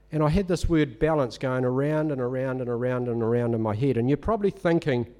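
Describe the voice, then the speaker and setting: A man delivers a sermon as a relaxed, chatty story. His voice is mellow and warm, pitched in a middle range, and he talks as if to friends in the pews. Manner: conversational storytelling, animated. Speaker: lay preacher.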